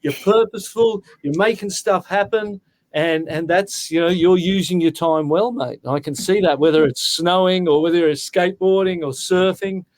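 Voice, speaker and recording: A man's voice: high-pitched, moderate pace, a little mellow. A sixty-year-old Australian man telling stories in a casual interview, talking in an earnest, heartfelt way and often calling the listener mate. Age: 60s. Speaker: guest.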